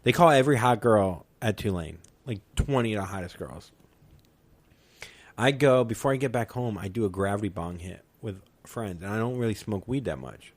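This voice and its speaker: A man's voice: on the low side, moderate pace. A man telling a funny story on a podcast in casual chat, swearing and laughing as he goes. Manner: animated, swears a lot, laughs through his story. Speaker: podcast guest.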